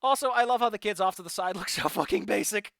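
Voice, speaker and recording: Male streamer, profane and animated; bright tense tone, dry close-miked sound. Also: high voice, fast, creaky, dry recording. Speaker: streamer playing a visual novel. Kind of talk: casual let's-play commentary and reading.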